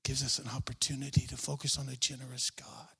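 A male pastor preaching a sermon, repeating key phrases with emphasis, drawing them out and now and then dropping to a hushed aside. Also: medium pitch, monotone, fast talker, gravelly, husky.

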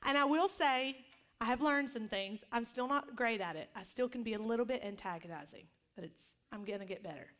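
A middle-aged woman pastor preaching in a relaxed, chatty way, her voice sitting a little high for a woman. She tells personal stories with humor and acts out what people said. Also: brisk. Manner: conversational storytelling with humor and acted quotes. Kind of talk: sermon.

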